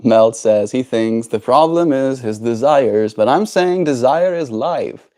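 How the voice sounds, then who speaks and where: A man chatting casually on a live stream from home in a gentle, unhurried way, talking to his pet and answering viewer comments. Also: mid-range voice, lively intonation. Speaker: livestreamer.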